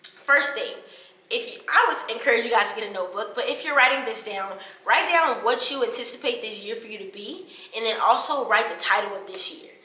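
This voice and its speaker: A young woman in her twenties talks straight to her viewers in a casual vlog, chatty and animated. Her voice is bright and sits a little high. The room around her is echoey. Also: brisk. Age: 20s. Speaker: college student vlogger and podcaster. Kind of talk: casual vlog talking to camera.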